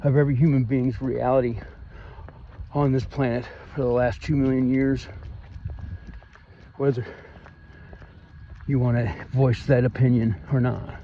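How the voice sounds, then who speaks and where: A man's voice: medium pitch, little pitch movement, unhurried, pauses often, muffled recording, slight background noise. Man, Missouri twang, vlog rant, aggrieved, rambling, faint background ambience. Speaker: vlogger. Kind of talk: vlog monologue.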